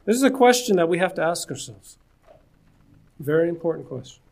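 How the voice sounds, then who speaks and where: A man's voice: fairly high pitch, big pitch swings, fairly quick, creaky, a little mellow. Earnest conversational male preacher. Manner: earnest, conversational, laughs and jokes with listeners. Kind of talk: sermon.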